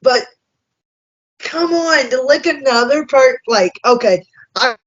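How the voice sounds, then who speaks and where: A man hosting an interview, chatting casually and excitably with plenty of swearing. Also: very high voice. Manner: excitable, profane, fast bursts. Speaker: interview host. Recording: dull lo-fi sound.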